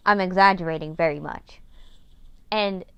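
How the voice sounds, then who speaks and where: A woman retells the plot of her old series in a casual, rambling way, swearing now and then and poking fun at herself. Her voice is clear and smooth, at a middle pitch. The recording is dry and close. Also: no room sound. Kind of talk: casual storytelling.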